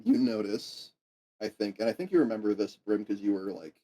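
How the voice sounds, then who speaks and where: A man's voice: lowish voice, animated, fairly quick, mellow, rough recording. A man running a tabletop game as game master, narrating in a hesitant way with many fillers.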